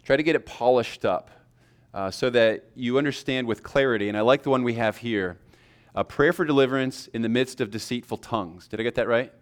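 A man's voice: medium pitch, brisk. A man teaching a class on sermon preparation in a loose, conversational way, with fillers and restarts. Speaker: preaching instructor.

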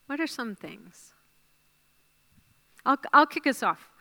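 A woman's voice: high-pitched, big pitch swings, slow, vocal fry, pushed and bright. A woman leading a Bible study class, drawing out answers and praising them with encouragement as she writes them up. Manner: encouraging, praises answers, thinks aloud while writing.

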